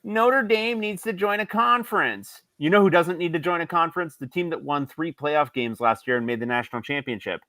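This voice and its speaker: A man's voice: a little high, fairly quick, few pauses, sharp tone, no echo, pitched above the performer's own voice. A man voicing a whiny, exasperated male football fan reading out a rant.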